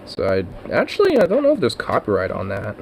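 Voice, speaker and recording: A man's voice: lowish voice, wildly swooping pitch, quick pace, creaky, slight background noise. A man chatting casually on his own vlog, rambling and swearing, with laughs and lots of fillers. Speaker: vlogger.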